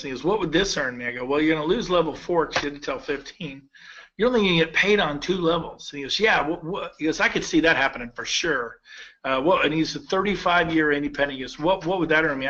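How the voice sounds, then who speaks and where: A man in his fifties giving a persuasive sales pitch to real estate agents, telling stories with quoted dialogue. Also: a bit bright, muffled recording. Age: 50s.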